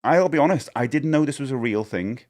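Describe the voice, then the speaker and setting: A man streaming live, talking casually to his viewers. His voice sits at a middling pitch but swings up and down a lot as he talks. He rambles, catches and corrects his own slips, and laughs easily. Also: lively intonation, fairly quick, darkish tone. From United Kingdom. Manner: rambling, chatty, self-correcting, laughs often.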